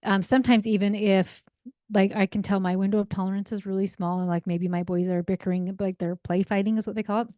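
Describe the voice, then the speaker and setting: A woman in her forties talks as a parenting coach on her podcast, with a mid-pitched voice recorded close and dry. She is chatty and upbeat and checks in with "right?" as she goes. She slips into acted voices when telling stories about home life. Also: flat delivery, fast talker, mellow, dry recording. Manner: acts out quoted voices in anecdotes. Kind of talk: solo podcast talk.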